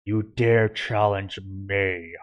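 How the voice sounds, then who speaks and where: A man voicing a gloating, murderous ancient male werewolf in a storybook reading, speaking slowly and menacingly. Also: fairly low pitch, highs cut off.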